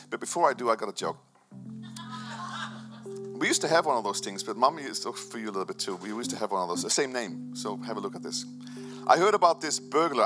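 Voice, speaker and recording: A man preaching a sermon to his church, enthusiastic and rambling, with frequent restarts. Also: medium pitch. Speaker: pastor.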